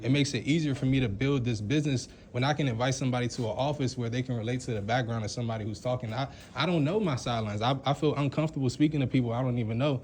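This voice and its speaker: Rapid-talking earnest man. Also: mid-range voice, a little mellow, slight background noise. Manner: rapid, earnest, stumbling restarts. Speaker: team member. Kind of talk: casual group discussion.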